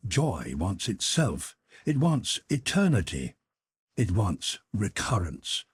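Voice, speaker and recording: A man giving a dramatic, declamatory audiobook reading, slowing down and sometimes dropping into a whisper. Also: low-pitched, a little mellow, breathy edge, dry recording. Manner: slow, declamatory delivery with dips into whispers. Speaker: audiobook narrator.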